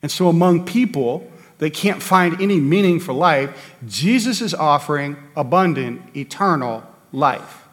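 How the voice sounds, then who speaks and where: Man, preacher, sermon, earnest, emphatic, slightly high voice, reverberant hall. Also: animated, a little slow, fairly bright tone.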